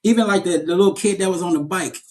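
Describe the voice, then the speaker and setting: A man talking casually in an interview about his own life. His voice sits a bit high for a man, and he tells his stories with animation, doubling back and repeating words as he builds up. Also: fast, darkish tone. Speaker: actor, interview guest.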